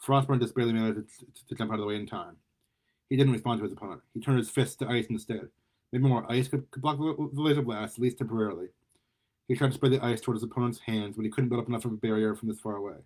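A man reading a superhero story aloud in a lively way, often stumbling and repeating words. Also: mid-range voice, fast talker. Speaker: story reader.

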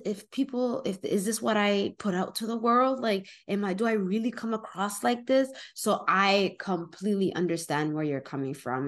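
A woman who is a teacher and podcast co-host, talking in an earnest, reflective way and often saying "like" and "literally". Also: medium pitch. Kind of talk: casual podcast chat.

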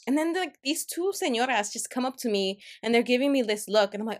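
A woman's voice: on the high side, fast talker, hardly any pauses. A young woman co-hosting a podcast, chatting casually and telling a work story with lots of acted-out quotes. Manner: animated storytelling, acts out quoted people. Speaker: podcast co-host. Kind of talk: casual chat.

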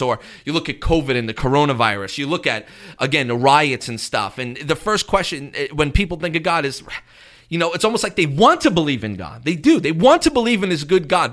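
A man, a pastor hosting a radio talk show, chatting and preaching in an animated way. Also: on the high side. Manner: animated, conversational, acts out quotes.

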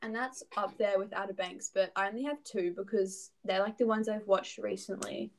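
A woman's voice: medium pitch, fairly even intonation, normal speed, vocal fry, poor audio. A young Australian woman co-hosting a podcast, chatting casually with lots of "like" fillers. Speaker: podcast co-host. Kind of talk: casual chat.

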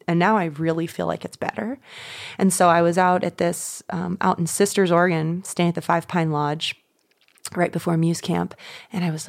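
Lowish woman guest chatting on a podcast, lively storytelling, laughs a lot, dry close sound. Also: no echo. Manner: animated, laughs often, acts out her own thoughts. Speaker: podcast guest, runner and coach. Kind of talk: casual storytelling.

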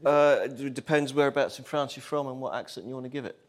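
A man's voice: medium pitch, steady tone, quick pace. A man, a guest on a comedy panel, trading dry, pedantic jokes. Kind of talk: live comedy panel banter.

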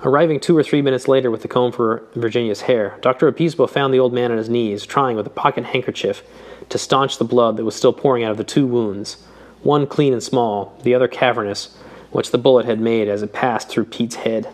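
Measured male audiobook narrator. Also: mid-range voice, fairly even intonation, a little mellow. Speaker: audiobook reader. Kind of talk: scripted narration.

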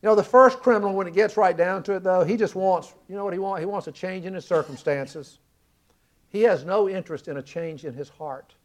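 A man's voice: sits high, fairly quick. A man from the American South preaching a sermon, retelling a story with earnest emphasis.

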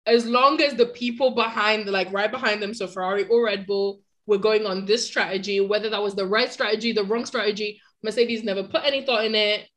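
A woman talking casually on a podcast, chatty and animated, laughing easily as she discusses. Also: mid-range voice, fairly quick, hardly any pauses. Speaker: podcast co-host. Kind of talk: casual chat about motor racing.

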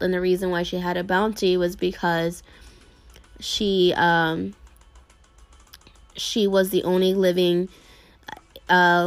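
A woman's voice: on the low side, no echo. A woman retelling a story to her viewers in a casual, rambling way, full of fillers and restarts. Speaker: anime video creator talking to viewers.

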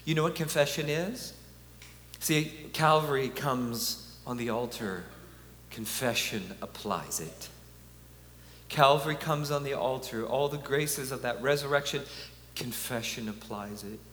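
Here a man at a conference talks in a mid-range, somewhat bright voice, a little on the slow side. His preaching is earnest yet conversational and punctuated by chuckles, and the large hall gives the audio an echo and a faint hum.

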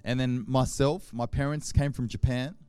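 Animated Australian man telling stories. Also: medium pitch, normal speed, clean tone, no room sound, faint music behind. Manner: animated, acts out scenes with sound effects. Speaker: pastor. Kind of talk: humorous sermon storytelling.

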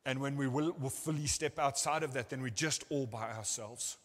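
A man's voice: mid-range voice, normal speed, in a large hall. A male pastor preaching a sermon at a church service, telling stories earnestly and acting out what people said.

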